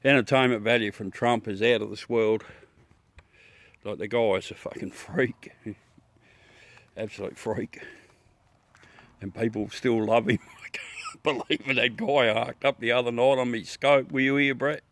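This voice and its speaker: A man's voice: medium pitch, steady tone, measured pace, long pauses, fairly bright tone, dry recording. Laid-back Australian man chatting outdoors. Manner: laid-back, swears freely, laughs often. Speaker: livestream host. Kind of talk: casual chat with live viewers. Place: outdoors in his backyard at night.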